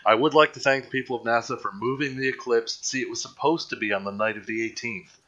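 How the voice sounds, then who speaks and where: A man's voice: medium pitch, fast talker, fairly bright tone, lo-fi sound. A man hosting a live online show in casual chat, rambling and joking at his own expense. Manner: rambling, jokey, self-mocking. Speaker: livestream show host.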